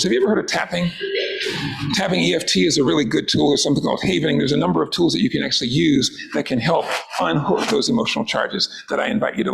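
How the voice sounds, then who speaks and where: A man presenting a wellness workshop to parents, calmly inviting listeners through guided exercises. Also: on the high side, creaky, poor audio.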